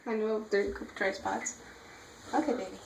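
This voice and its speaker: A woman soothing her pet rabbit in a soft, gentle voice as she bathes it in a tub. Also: mid-range voice, fairly even intonation, a little fast, very noisy. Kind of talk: casual vlog chat. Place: bathroom at a bathtub. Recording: echoey bathroom with loud running water.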